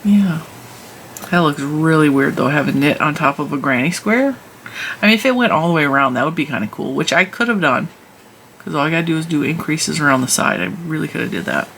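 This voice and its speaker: Gravelly-voiced chatty yarn vlogger woman. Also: low voice, expressive, brisk, a bit bright, a little hiss or hum, low-quality recording. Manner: chatty, rambling, laughs at herself. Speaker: knitting and crochet channel host. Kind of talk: casual yarn review while knitting.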